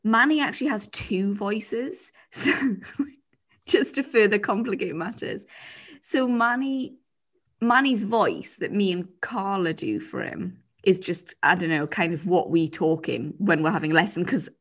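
A woman's voice: mid-range voice, expressive, measured pace, fairly bright tone. A young woman co-hosting a podcast, telling stories in a rambling, giggly way with lots of "like"s. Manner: rambling, giggly storytelling with many likes. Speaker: podcast co-host. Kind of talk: casual chat.

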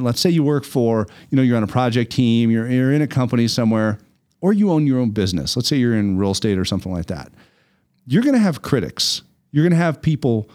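A man hosting a casual talk show, telling a fable in a lively, rambling way and often repeating his words. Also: medium pitch. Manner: animated, repeats words while telling a story. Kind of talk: casual storytelling chat.

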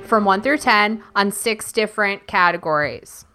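Deadpan woman podcast co-host. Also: mid-range voice, normal speed, faint music behind. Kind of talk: casual chat.

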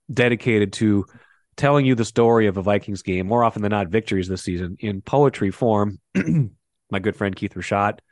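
A man's voice: on the low side, dry recording, studio quality. A man hosting a casual sports podcast, chatty and teasing, often restarting his sentences. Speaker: podcast host.

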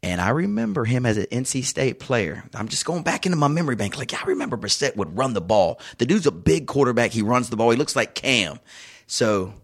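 A man hosting a casual sports betting chat, telling stories with excitable, animated bursts. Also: mid-range voice, brisk, creaky, breathy edge. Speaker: sports betting show host.

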